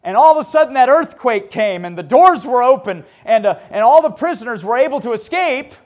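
A man preaching a sermon, retelling Bible stories with lively acted-out scenes and ending in prayer. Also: extremely high pitch, brisk. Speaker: pastor.

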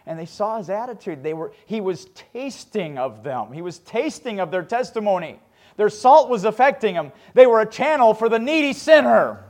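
A man preaching a sermon, retelling Bible stories with lively acted-out scenes and ending in prayer. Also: sits high, normal speed. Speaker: pastor.

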